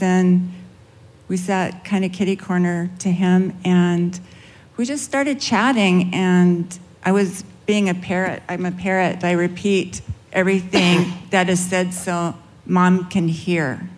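Woman, Californian drawl, lowish voice, slow soft storytelling, personal testimony. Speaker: interview guest.

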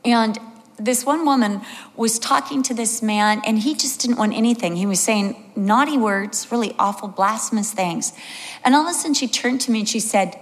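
A woman's voice: medium pitch, normal speed, big-room sound. A woman in her sixties preaching a sermon, telling stories with animation and acting out the voices of the people in them. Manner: animated storytelling, acts out voices.

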